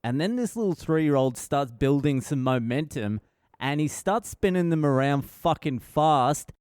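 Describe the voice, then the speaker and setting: A man's voice: fairly high pitch, animated, unhurried, darkish tone, clear, resonant tone, dry recording, clean studio sound. A middle-aged Australian man hosting a podcast, telling stories in a blunt, profane, rambling way. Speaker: podcast host. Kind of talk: casual storytelling monologue.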